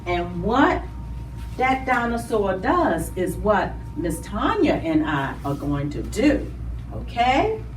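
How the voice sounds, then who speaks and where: A woman hosting children's storytime in a library. She speaks to small children in an animated way and draws out her words. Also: mid-range voice, slow pace, slight background noise. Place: library room. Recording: roomy, distant mic.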